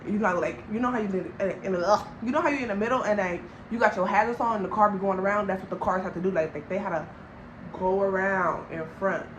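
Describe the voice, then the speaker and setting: A young woman from Long Beach, telling a storytime vlog in an animated, slangy way and talking straight to viewers. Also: medium pitch, a little hiss or hum, rough recording. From Long Beach, California. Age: young adult. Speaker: vlogger.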